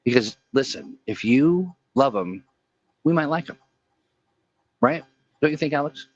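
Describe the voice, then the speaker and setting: A man's voice: a little high, expressive, measured pace, gravelly, lo-fi sound. A man co-hosting a livestream chat show, joking and reading chat messages aloud. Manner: jokey, reads chat aloud. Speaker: co-host. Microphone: remote call.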